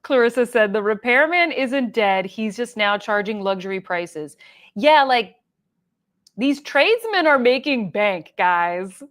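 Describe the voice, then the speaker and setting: A woman's voice: a little high, lively intonation, unhurried, a bit bright. A young adult woman hosting a casual livestream, chatting loosely and reading viewer comments aloud with plenty of fillers. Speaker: livestream host.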